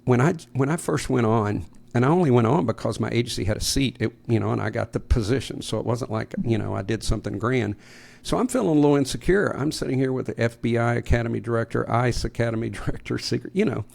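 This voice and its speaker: This middle-aged podcast co-host talks fast, with vocal fry and a slightly mellow quality at a medium pitch. He tells his stories casually and with plenty of sarcasm.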